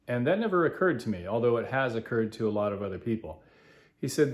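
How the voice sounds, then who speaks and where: A man hosting a podcast, talking in a halting, earnest way with many fillers. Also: medium pitch, very animated. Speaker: podcast host. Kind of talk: casual spoken commentary.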